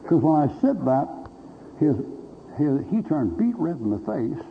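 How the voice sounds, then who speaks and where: A man's voice: on the high side, big pitch swings, measured pace, vocal fry. A male pastor preaching a sermon, telling folksy stories with blunt humor and acting out both sides of conversations. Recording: dull lo-fi recording with faint hiss.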